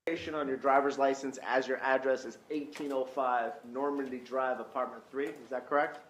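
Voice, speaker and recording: A man's voice: mid-range voice, steady tone, fairly quick, fairly bright tone, highs cut off. A man cross-examining a witness in a courtroom, questioning with hesitant restarts. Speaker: defense attorney. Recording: roomy courtroom audio with faint hum.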